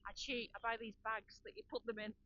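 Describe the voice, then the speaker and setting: A woman's voice: on the high side, fairly even intonation, quick pace, bright, forceful tone, muffled recording. A woman co-hosting a live stream, dropping dry teasing remarks into the chat. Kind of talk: casual chat.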